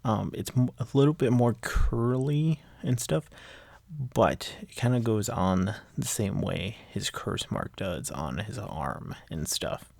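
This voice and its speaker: Low gravelly man recapping casually. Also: lively intonation, slow pace, a little mellow, no room sound. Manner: rambling, filler-heavy, enthusiastic. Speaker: manga chapter reviewer.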